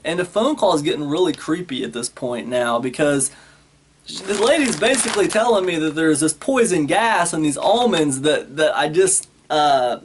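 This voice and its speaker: A man vlogging an angry warning to viewers, cussing freely and retelling a phone call in a heated, exasperated way. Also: a little high. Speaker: product review vlogger. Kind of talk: angry rant to camera.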